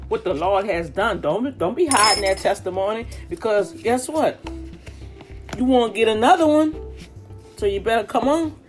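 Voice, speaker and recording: A woman giving a casual spiritual testimony, talking straight to her viewers in an animated, preachy way. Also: medium pitch. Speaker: vlogger sharing a testimony. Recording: music playing behind the voice.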